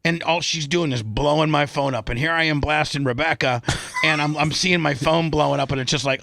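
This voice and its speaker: This middle-aged radio host's voice is on the high side, brisk and creaky, captured in a clean, dry studio recording. He rambles through a long story on air, animatedly voicing the people in it.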